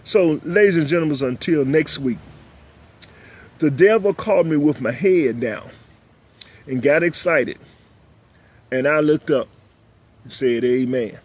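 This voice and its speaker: An older man, hosting a talk show and delivering impassioned, preachy commentary, often repeating "ladies and gentlemen.". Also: fairly high pitch, measured pace, long pauses. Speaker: host.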